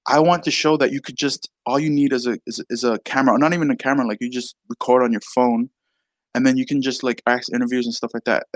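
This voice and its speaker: A man's voice: medium pitch, fast, no room sound. A man from Tonga, a documentary filmmaker guest talking in a casual, slangy way. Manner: casual and animated, full of "like" and "dude". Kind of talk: casual podcast chat.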